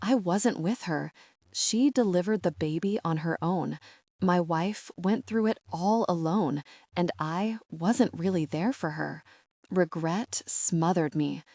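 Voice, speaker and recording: A woman narrating an audiobook in a slow, sorrowful, measured reading. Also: lowish voice, darkish tone, dry recording, studio quality.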